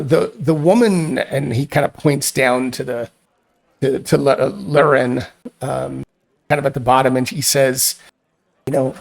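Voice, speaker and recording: A man running a tabletop role-playing game as game master, narrating in a loose, halting way with frequent restarts. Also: mid-range voice, gravelly.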